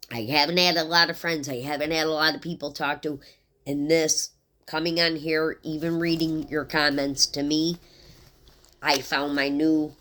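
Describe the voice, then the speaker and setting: Middle-aged woman with a low voice, tarot reader, rambling and heartfelt vlog delivery. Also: fairly bright tone. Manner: rambling, heartfelt, talks straight to viewers. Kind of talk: casual tarot reading vlog.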